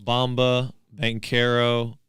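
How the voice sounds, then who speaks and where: Podcast guy riffing on the game, smooth voice, dry close mic. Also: medium pitch, monotone, slow, fairly bright tone, dry recording. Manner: jokey, chatty, reacts to plays. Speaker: podcast co-host. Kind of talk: casual live watch-along chat.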